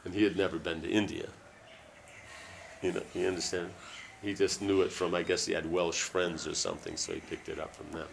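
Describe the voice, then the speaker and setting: A man reading a book aloud and breaking off into loose, halting asides full of fillers. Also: low voice, level tone, creaky, a little hiss or hum. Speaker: reader.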